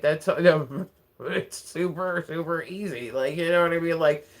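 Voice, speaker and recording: Rambling, chatty livestream host. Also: mid-range voice. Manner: rambling, filler-heavy, laughs often. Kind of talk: casual livestream chat.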